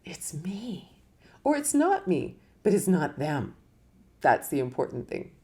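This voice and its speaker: A middle-aged woman giving a casual spoken talk as a spiritual teacher, animated and often laughing as she acts out inner voices. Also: low voice, unhurried.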